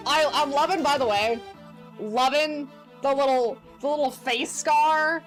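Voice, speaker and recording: Young woman, streamer, excitable chatter, higher voice, game music behind. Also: measured pace. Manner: chatty and excitable, reacts aloud. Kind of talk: casual gameplay commentary. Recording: game music playing under the voice.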